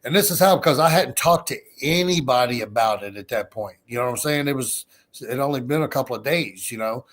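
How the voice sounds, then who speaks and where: Man, podcast guest, profane storytelling, animated, video call. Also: medium pitch, a little fast. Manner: profane, animated storyteller who acts out dialogue. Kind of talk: casual storytelling.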